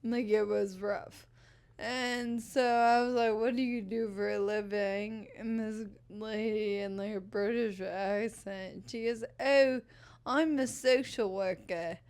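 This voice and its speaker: A woman's voice: mid-range voice, level tone, takes it slowly, darkish tone, clear, resonant tone. A woman podcast co-host and stand-up comic, telling crowd-work stories in casual chat with jokey threats.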